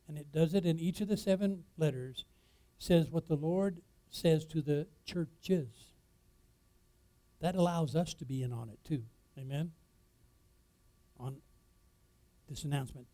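Emphatic preacher with a mellow voice. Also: male voice, a little high. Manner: emphatic preaching with rhetorical questions to the congregation; swings between loud declarations and quiet asides. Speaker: pastor. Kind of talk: sermon.

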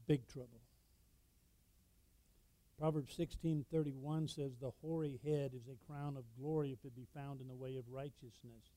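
Preaching man, mellow and dry. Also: on the high side, dry recording, rough recording. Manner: expository preaching, quotes scripture, sudden loud emphasis. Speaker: pastor. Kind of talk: sermon.

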